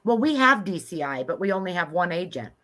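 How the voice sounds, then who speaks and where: Low-voiced chatty woman guest. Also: a little fast, a crowd in the background. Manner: chatty, laughs along, speeds up when excited. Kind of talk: casual chat.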